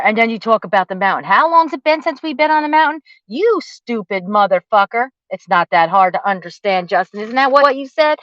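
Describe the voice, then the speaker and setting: A woman's voice: medium pitch, a bit bright, no echo. A woman vlogger delivering an angry, profane, confrontational rant straight at her target, mocking and accusatory. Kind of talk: angry direct-to-camera rant. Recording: dull lo-fi dry audio.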